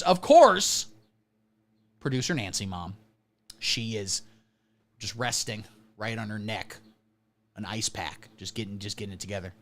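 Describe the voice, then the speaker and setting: A man hosting a satirical comedy livestream, delivering absurd deadpan jokes and swinging between mumbled asides and sudden emphasis. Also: mid-range voice. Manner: deadpan absurdist, mock-conservative persona. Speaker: livestream host.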